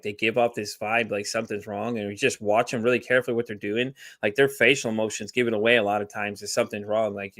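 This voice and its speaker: A man's voice: medium pitch, sharp tone, no echo, studio quality. A man from Texas in a casual podcast chat, telling rambling stories and acting out quoted dialogue. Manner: fast, rambling storyteller who acts out quoted dialogue. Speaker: podcast guest.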